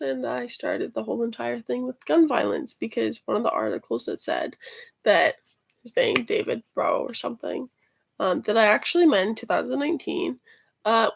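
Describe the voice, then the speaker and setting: A student vlogger with a slightly high, gravelly voice rambles casually about her week at school, swearing freely and trailing off into fillers and restarts.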